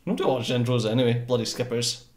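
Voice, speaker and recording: A man's voice: mid-range voice, quick pace, darkish tone, reverberant. A Scottish man co-hosting a reaction video, teasing with dry jokes in casual chat. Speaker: reaction channel co-host.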